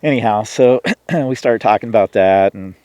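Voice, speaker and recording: A man's voice: fairly low pitch, normal speed, dark tone, no room sound. A man from Washington State, a podcast guest telling a hunting story in casual conversation, rambling with frequent restarts and fillers. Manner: rambling, lots of "you know" and restarts. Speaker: podcast guest, turkey hunter.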